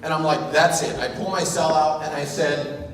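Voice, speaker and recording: A man giving a comedic wedding speech as the groom, telling a self-mocking story with lively energy. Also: on the high side, normal speed. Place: large reception hall. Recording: echoey hall, voice from far off, audible room noise.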